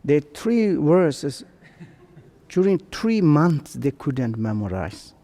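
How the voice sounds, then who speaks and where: Older man as Buddhist teacher: slow, halting delivery, mellow tone, long hall reverb. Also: a little high, big pitch swings. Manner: halting, searching for words in second-language English. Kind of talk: dharma teaching.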